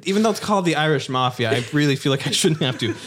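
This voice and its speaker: A man's voice: on the high side, lively intonation, rapid-fire, fairly bright tone. Rambling man telling a silly story. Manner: rambling, restarts, puts on silly voices. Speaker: podcast guest. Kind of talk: casual comedic storytelling.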